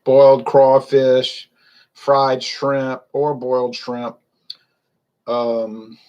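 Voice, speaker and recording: A man's voice: mid-range voice, little pitch movement, very slow, a little mellow, clean tone, highs cut off. A man, chatting loosely and rambling through a casual beer review. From Louisiana. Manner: rambling, chatty, wanders off topic.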